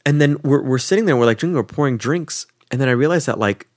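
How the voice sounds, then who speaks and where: A man's voice: fast, no room sound, clean studio sound. A young man co-hosting a podcast, telling a travel story casually and acting out the people in it with sudden jumps in his voice. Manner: animated, acts out quoted people with jumps in pitch; swears casually, fillers like "like". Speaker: podcast co-host.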